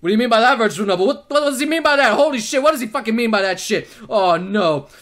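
A man hosting a let's play, reading the game's text aloud between loud, excitable reactions: yelps, shrieks, laughter and plenty of swearing. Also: very high-pitched, fast.

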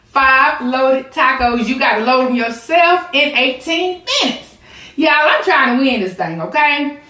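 Sharp-toned and sitting high, a mukbang vlogger's voice has lively intonation and an unhurried pace as she sets up an eating challenge. She chats casually to the camera, addressing viewers as y'all, in an echoey room.

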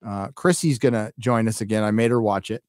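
A man's voice: lowish voice, brisk, darkish tone, no echo, clean studio sound. Rambling middle-aged male streamer. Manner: rambling, profane, with many fillers. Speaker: live stream host. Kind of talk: casual live stream chat, reading out donations.

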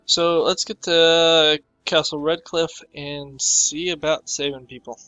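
A man casually commenting on his own playthrough of a video game, offhand and relaxed. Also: on the high side, slow, low-quality recording. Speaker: gamer. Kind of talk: let's play commentary. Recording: voice over game audio with faint music.

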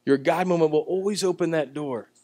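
A man preaching a sermon at a church service, telling the story in a conversational way and swinging between loud, emphatic lines and quiet ones. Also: on the high side, fairly quick, dry recording. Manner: conversational storytelling with acted-out voices. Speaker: pastor.

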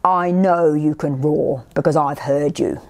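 A woman's voice: low voice, fairly even intonation, unhurried, darkish tone. A woman presenting a children's storytime, singing along and reading a picture book with dramatic whispers. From Australia.

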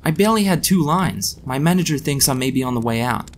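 A man's voice: mid-range voice, animated, fast talker, a little hiss or hum, voice pushed up, lightly acted. A man voicing a nervous male movie star who sounds anxious and whiny.

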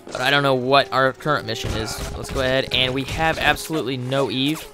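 A man giving casual let's play commentary, excitable and quick with exclamations as he plays. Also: medium pitch. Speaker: gamer. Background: game music.

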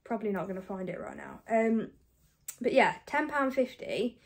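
A woman from the UK chatting casually to camera about her thrift finds, fast and self-deprecating, a bit out of breath. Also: fairly high pitch, expressive. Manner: chatty and self-deprecating, talks fast with many ums and likes. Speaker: reseller vlogger. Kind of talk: casual haul chat to camera.

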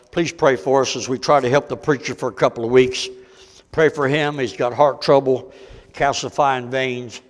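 An older man preaching a sermon as a visiting evangelist, fervent, folksy and pleading with his listeners. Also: medium pitch. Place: church sanctuary. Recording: long reverb of a church hall.

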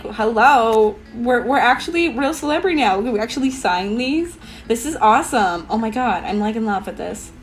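A young woman hosting a let's play, chatting in a bubbly, excitable way full of "like" and "um". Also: a little high. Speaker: gaming channel host. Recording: light background music.

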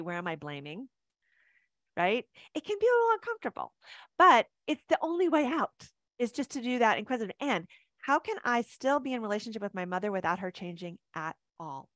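A woman in her fifties coaches a webinar audience over a video call. Her talk is animated and chatty, with easy laughs, and it sounds dry, close and unreverberant. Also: on the high side, fairly quick, dry recording. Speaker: mindset coach.

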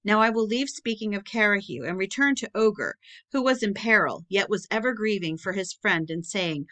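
A woman reads an old legend aloud as an audiobook narrator. Her delivery is steady and measured, at a middle pitch for a woman. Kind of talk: reading a public-domain book aloud.

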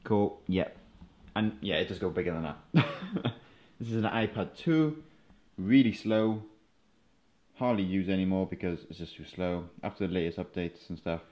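A man's voice: on the low side, dull audio. A man casually showing off his gaming setup in his room at home, talking in a laid-back, rambling way. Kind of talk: casual show-and-tell.

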